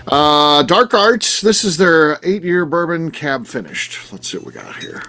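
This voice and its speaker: Lively-voiced man hosting a podcast. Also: a little high. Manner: lively, quick reactions, runs show segments. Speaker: podcast host. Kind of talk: casual hosting.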